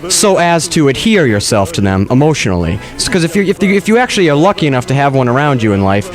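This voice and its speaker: A man's voice: medium pitch, big pitch swings, quick pace, soft background music. A man hosting a comedy podcast, rambling through a mock-earnest monologue with many restarts. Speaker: podcast host.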